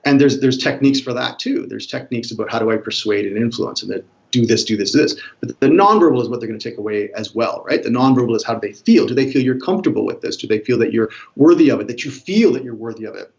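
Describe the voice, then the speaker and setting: Fast-talking man explaining body language. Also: medium pitch, gravelly, dull audio. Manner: energetic, animated, acts out examples. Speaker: body language expert guest. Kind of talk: explanatory interview talk.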